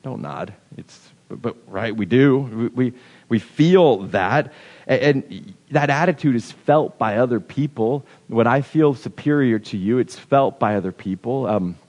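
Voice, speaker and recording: A man giving a casual, conversational sermon as pastor, with many halting restarts. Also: mid-range voice, lively intonation, a little mellow, muffled recording. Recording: long hall reverb.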